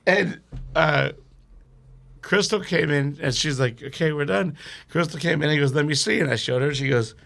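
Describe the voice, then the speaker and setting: A man's voice: a little high, moderate pace, creaky, a bit bright. A man telling wild drinking stories as a podcast guest, swearing a lot and laughing often. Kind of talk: casual storytelling.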